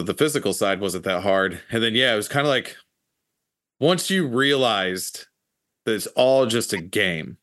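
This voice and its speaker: A man hosting a casual podcast, reflecting on his time as a Marine in a relaxed, profane way. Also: on the low side, no room sound, clean studio sound. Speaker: podcast host, Marine veteran.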